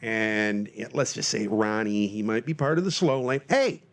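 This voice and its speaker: Man, forties, solo podcast host, rambling, filler-heavy, self-mocking, bursts of comic shouting. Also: moderate pace, creaky. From Northern Michigan, US. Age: 40s. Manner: loose and self-mocking, lots of fillers and restarts; breaks into shrill panicky shouts for comic bits.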